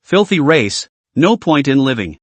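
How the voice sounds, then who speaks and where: A man's voice: medium pitch, very animated, a little slow, dry recording. A man voicing a frightened, sneering middle-aged official who hisses panicky orders. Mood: frantic.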